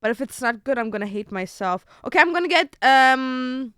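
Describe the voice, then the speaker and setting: Young woman streamer, casual and chatty, a bit of swearing, slightly high, dry close sound. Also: expressive, moderate pace, a bit bright, clear, resonant tone, no room sound. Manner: chatty, swears casually, thinks aloud while ordering food. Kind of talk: casual chat to stream viewers.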